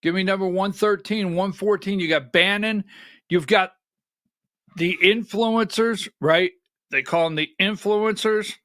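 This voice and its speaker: Bright, high-pitched ranting male host. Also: a little slow, no room sound, studio quality. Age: middle-aged. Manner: animated, rhetorical, keeps asking "right?"; rises to near-shouting when worked up. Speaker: political commentary host. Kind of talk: livestreamed political commentary.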